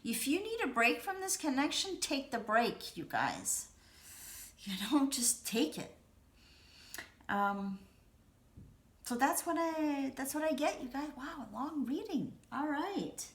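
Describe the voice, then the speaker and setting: A woman's voice: sits high, sing-song, takes it slowly, pauses often. A woman giving a casual, reassuring tarot reading to her viewers at home, talking in a chatty way full of "you know" and "you guys". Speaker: tarot reader. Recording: echoey room.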